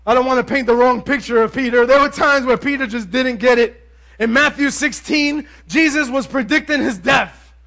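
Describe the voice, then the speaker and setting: A male preacher speaks in a very high, bright, forceful voice. He keeps his sermon lively and conversational, talking straight to the congregation and slipping in jokes. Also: moderate pace.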